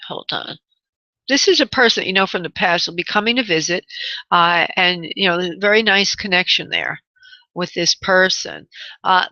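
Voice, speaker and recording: A woman hosting psychic call-in radio, her voice bright and forward in a dry, close sound. She soothes callers with honey and love and thinks aloud as she tunes in. The audio is a little dull and lo-fi. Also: on the low side, no echo. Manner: thinks aloud, pauses to tune in. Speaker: radio show host and spirit medium.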